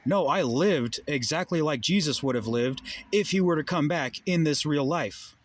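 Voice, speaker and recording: A man's voice: a little high, lively intonation, normal speed. A young adult man delivering a heated, profane monologue full of rhetorical questions. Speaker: vlogger. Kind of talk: ranting monologue.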